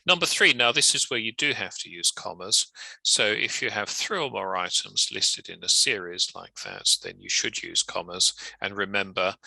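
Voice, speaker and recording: A man teaches writing rules in a relaxed, chatty way. His voice sits low with a gravelly texture and a bright, forward tone. The sound is close and dry. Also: no room sound, poor audio. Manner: chatty, conversational asides. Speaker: legal writing trainer. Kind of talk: instructional lecture.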